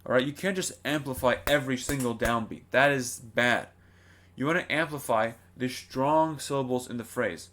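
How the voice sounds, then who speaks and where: A man's voice: mid-range voice, normal speed, a bit bright. A man giving a singing lesson, explaining in a plain way and often checking in with rhetorical questions. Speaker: singing teacher. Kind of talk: vocal lesson to camera.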